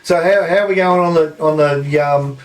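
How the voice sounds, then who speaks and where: An Australian man in his young adult years tells a story on a live podcast. He is animated and swears freely, laughing between lines, and his voice sits a little higher than most men's. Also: moderate pace, poor audio. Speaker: podcast co-host.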